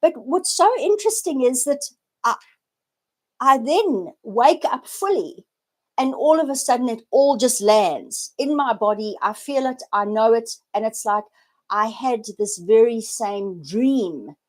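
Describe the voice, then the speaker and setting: A woman's voice: on the high side, lively intonation, unhurried. A woman in her forties telling a personal story on an unscripted live video, earnest and reflective, often restarting and repeating words. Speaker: spiritual vlogger sharing a personal story.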